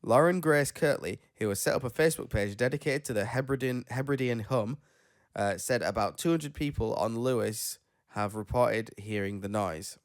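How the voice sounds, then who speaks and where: A man's voice: medium pitch, normal speed, no room sound, clean studio sound. A man, tired after being ill, chatting on a podcast and reading news stories aloud, rambling and tripping over names. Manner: rambling, self-deprecating, stumbles over names. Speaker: podcast host.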